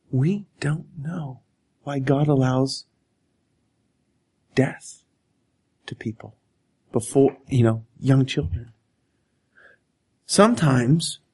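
A man preaching a sermon as a pastor, earnest and deliberate, with dramatic pauses and sudden drops to a whisper. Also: on the high side, slightly rough.

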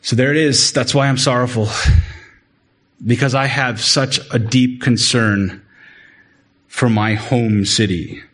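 Husky-voiced man preaching a sermon. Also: steady tone, slow pace, pauses often, a bit bright. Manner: earnest, rises in pitch when stressing a point, repeats words. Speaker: pastor.

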